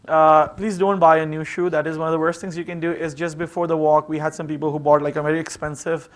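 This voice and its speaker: High-voiced man giving a chatty seminar talk. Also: level tone, fast talker. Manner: conversational, full of "you know" fillers. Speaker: seminar speaker. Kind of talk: informal seminar talk with anecdotes.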